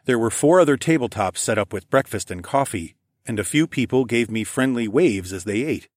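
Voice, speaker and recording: A man narrating an audiobook in the first person, in a calm, even, low-key way. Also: brisk, no echo, clean studio sound.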